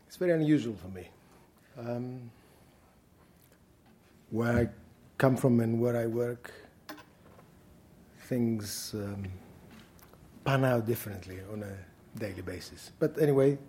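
Male academic, Greek accent, warm low-key delivery, deliberate lecture pace with ums. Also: a little hiss or hum. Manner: measured, deliberate, frequent ums. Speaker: guest lecturer. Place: university lecture hall.

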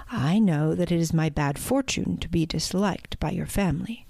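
A woman voicing a sly, smooth-talking male fox in a storybook, speaking in a honeyed, flattering way. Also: low-pitched, dry recording, heavily acted.

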